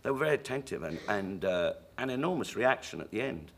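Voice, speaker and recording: A middle-aged English man, a comic actor and chat show guest, telling stage stories with animated character voices. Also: fairly low pitch, fairly quick, vocal fry, slight background noise. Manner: lively raconteur slipping into character voices. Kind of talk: anecdotal chat show storytelling.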